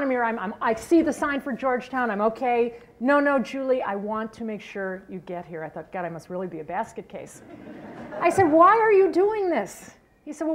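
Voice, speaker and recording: A middle-aged woman giving a keynote talk, telling a story in an animated way and asking the audience questions. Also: medium pitch. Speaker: keynote speaker.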